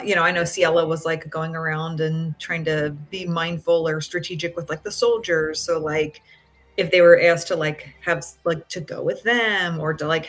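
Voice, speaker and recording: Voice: medium pitch, a bit bright. A player describing their character hesitantly, full of fillers. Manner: hesitant, heavy use of "like". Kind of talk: casual chat.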